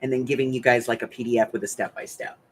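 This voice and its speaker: A woman's voice: a bass voice, steady tone, fast, breathy edge. An older woman from the United States hosting a crafting channel, chatting casually and rambling to her viewers while she thinks aloud.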